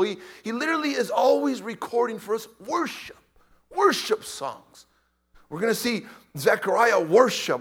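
A male preacher with a high-pitched voice delivers a dynamic sermon. He swings from loud, pleading cries down to near whispers. He repeats key words and phrases again and again for emphasis. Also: breathy edge. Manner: dynamic, swinging from shouted pleas to hushed whispers.

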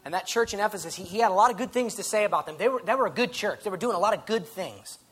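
A man preaching a sermon in an earnest, conversational way, dropping soft and then rising loud. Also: high voice, expressive, racing, husky. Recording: faint background noise.

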